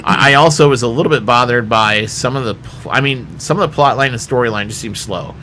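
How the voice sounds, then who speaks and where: Male podcast host with a bright voice, asks questions and keeps the panel moving. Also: mid-range voice, brisk, slight background noise. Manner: leads discussion, asks panel for ratings. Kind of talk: casual panel chat. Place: podcast studio.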